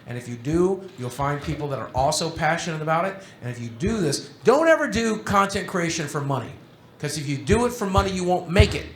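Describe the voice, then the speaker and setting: A man's voice: on the high side, a bit bright. A middle-aged man speaking on a convention panel, telling candid, rambling stories with joking asides to a live audience. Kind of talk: storytelling talk to a live audience. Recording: echoey hall, faint background noise.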